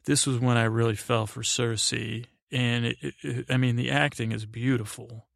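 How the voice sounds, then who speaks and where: A man hosts a sleepy, rambling recap podcast in a gravelly voice that barely rises or falls. He meanders through restarts and fillers, close to a dry microphone. Everything stays flat and unhurried. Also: no room sound. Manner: meandering, full of fillers and restarts, paraphrasing characters in a low-key voice. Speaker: podcast host.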